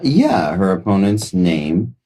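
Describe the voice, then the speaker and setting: A man with a fairly low voice runs a tabletop game. He calls for checks and rules on them in a calm, matter-of-fact way. A faint hiss sits under the voice. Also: slow. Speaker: game master.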